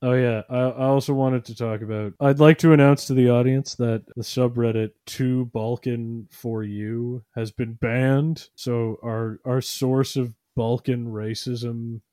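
A man, rambling and joking in a casual podcast chat and slipping into quick silly voices. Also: mid-range voice, steady tone, warm tone, dry recording, studio quality.

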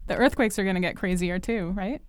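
A woman's voice: mid-range voice, brisk, dry recording, studio quality. A young woman co-hosting a podcast in a casual chat, with an everyday mid-range voice. She is playful and teasing and laughs easily as she talks. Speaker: podcast co-host.

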